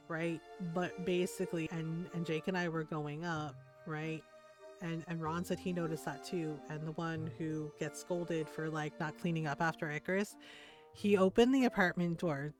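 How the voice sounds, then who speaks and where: Chatty woman streamer, faint music behind. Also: fairly low pitch. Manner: rambling anecdote, tags sentences with "right?"; animated, acts out other people's lines. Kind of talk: casual storytelling while gaming.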